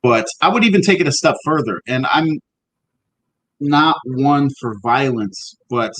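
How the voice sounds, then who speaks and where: A man co-hosting a casual history podcast, speaking bluntly with swearing and halting restarts. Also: medium pitch, a bit bright, poor audio. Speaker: podcast co-host.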